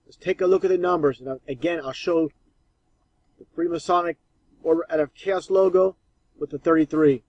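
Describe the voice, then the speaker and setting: A man's voice: fairly high pitch, steady tone, moderate pace, a little mellow, no room sound, lo-fi sound. A man giving scornful, emphatic commentary over archive clips.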